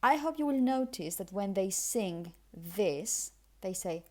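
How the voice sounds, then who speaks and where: A woman's voice: fairly low pitch, a little slow, hardly any pauses. A Spanish-accented woman, a native Spanish speaker, teaching English pronunciation with careful explanations and repeated example words. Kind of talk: pronunciation lesson.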